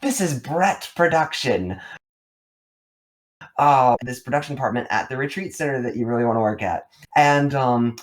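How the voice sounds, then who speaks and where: A man retelling a phone call, voicing a brisk, upbeat man offering him a job. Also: medium pitch, expressive, natural voice.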